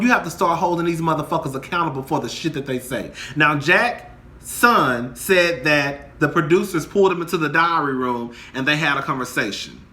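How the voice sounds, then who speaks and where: A man's voice: a little high, pushed and bright. A young man angrily ranting about a reality TV show, heated, profane and emphatic. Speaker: commentator. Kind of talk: angry reality TV rant to camera.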